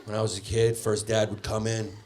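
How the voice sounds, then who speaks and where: A man's voice: fairly low pitch, brisk. A male stand-up comedian doing a crude, playful set on a comedy club stage, talking into a handheld mic. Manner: animated, crude, playful, with voices. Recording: live club with crowd laughter.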